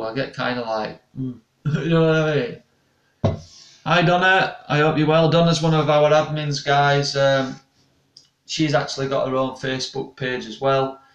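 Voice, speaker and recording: A man's voice: a little high, dull audio. A young man, a paranormal investigator chatting casually with viewers and reading comments, rambling and restarting often. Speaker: paranormal investigator and channel host. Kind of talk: casual live-stream chat reading comments. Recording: echoey room, distant mic.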